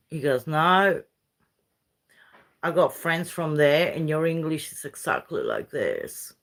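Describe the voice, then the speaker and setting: Slow-talking Uruguayan woman ranting casually. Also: low-pitched, big pitch swings, a bit bright. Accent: Uruguayan Spanish. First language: Spanish. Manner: chatty, rambling, Aussie slang and swearing. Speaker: vlogger. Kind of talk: casual rambling rant.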